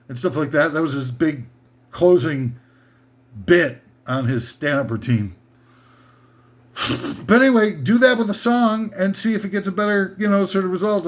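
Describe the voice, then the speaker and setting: High-voiced sarcastic man ranting. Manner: sarcastic, heavy with fillers. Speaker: host of a comedy list show. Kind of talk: rambling comedic rant.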